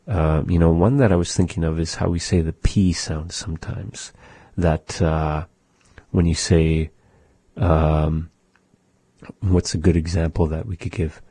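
Patient male language teacher, husky and dry, sounds things out. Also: low voice, mellow, dry recording. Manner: slow, patient, demonstrates sounds aloud. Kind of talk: radio language lesson.

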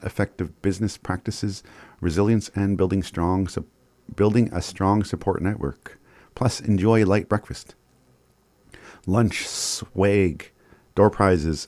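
Reading out the day's announcements from a community radio studio, this host takes a relaxed approach, now and then laughing softly or fumbling a word. His voice is deep and a bit mellow, with no echo.

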